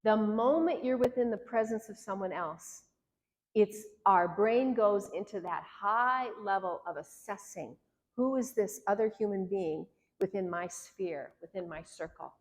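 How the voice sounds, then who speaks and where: A woman's voice: mid-range voice, measured pace. A woman, a marriage therapist, teaching a workshop in an earnest, conversational way, acting out the lines she quotes. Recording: long hall reverb.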